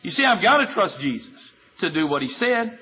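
A man preaching a sermon, earnest and emphatic, moving between loud urging and quiet appeal and citing chapter and verse in steady lists. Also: sits high, a little fast, dull audio.

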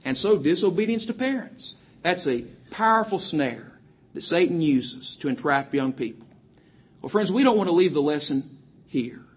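Husky-voiced guy preaching, pretty high voice, rattles off bible verses at the kids. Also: sing-song. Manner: quotes scripture in King James wording, cites verses rapidly; addresses young people directly, emphatic. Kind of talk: sermon.

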